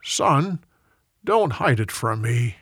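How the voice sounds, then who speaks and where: A man playing a gentle old priest. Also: medium pitch, very animated, takes it slowly, slightly rough, no echo, studio quality, heavily acted.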